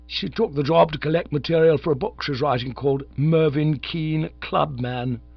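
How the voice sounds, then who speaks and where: A man reading an audiobook, voicing a flustered, excitable young gentleman who talks in an agitated rush, higher and louder than the narration. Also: normal speed, vocal fry, no echo, highs cut off. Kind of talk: audiobook character voice.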